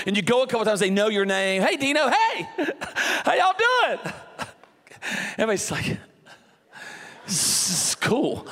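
A high-voiced man preaches in a church, his sound carrying a long hall reverb. He tells stories with lots of energy and acts out the people in them with quick exclamations. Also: fairly bright tone. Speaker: pastor. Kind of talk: sermon with humorous story.

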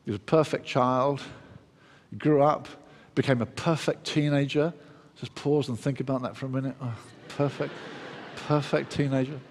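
A man preaching a sermon in an animated way, acting out the quoted lines and often restarting his sentences. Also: medium pitch, normal speed, a little hiss or hum. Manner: animated, acts out quoted voices, frequent restarts. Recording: long hall reverb.

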